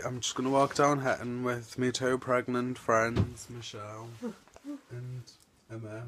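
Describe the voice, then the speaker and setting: A man's voice: mid-range voice, fairly bright tone. Young man, camp, chatty, phone vlog outdoors, faint noise. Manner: chatty, camp, self-mocking. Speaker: vlogger. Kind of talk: casual vlog chat. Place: outdoors on a town street.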